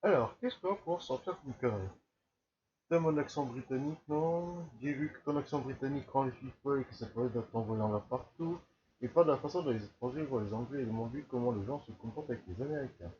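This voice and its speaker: A man streaming a game live, joking and quickly reading the choices aloud. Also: medium pitch, dark tone, highs cut off.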